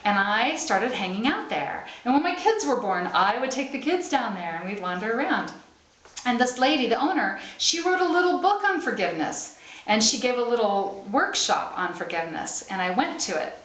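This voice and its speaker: In a roomy livestream, a middle-aged woman gives a live sermon to a small group in a fairly high, sing-song, slightly bright voice at a moderate pace. She's conversational, laughs frequently, and keeps asking "right?"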